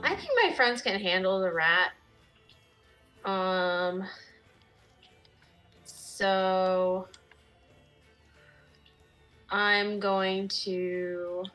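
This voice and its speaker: Female player, slow and hesitant, faint music. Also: mid-range voice, sharp tone. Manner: slow, hesitant, thinks aloud. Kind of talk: casual tabletop game chat.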